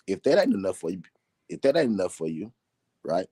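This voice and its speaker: Man, deep voice, emphatic repetition, casual live talk, dry close sound. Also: big pitch swings, brisk, warm tone, breathy edge, dry recording. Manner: repetitive, emphatic, laughing between points. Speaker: boxing talk show host.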